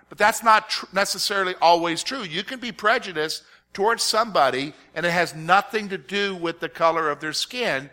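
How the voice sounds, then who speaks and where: A man's voice: high voice, pushed and bright. A middle-aged man leading an interactive Bible study lesson, repeating his key points and quizzing his listeners with questions.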